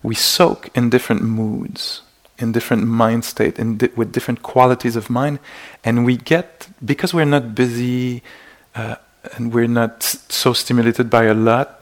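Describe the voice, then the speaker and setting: A man with as his gives a meditation dharma talk in a gentle, searching way. His voice carries a gravelly edge at a middling pitch. He often pauses to act out small inner exclamations. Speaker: meditation teacher. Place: meditation retreat hall.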